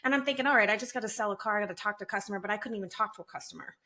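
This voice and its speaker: Woman guest in her forties, bright tone, animated storyteller who jumps up in pitch for quoted lines. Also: racing. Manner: animated, acts out quotes in raised voice. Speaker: guest, sales training company president. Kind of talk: candid storytelling interview.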